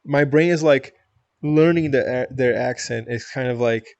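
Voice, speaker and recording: A man streaming, chatting with viewers in a calm, easygoing, chill way from a home setup. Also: mid-range voice, moderate pace, vocal fry, no echo, muffled recording. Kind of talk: casual chat with viewers.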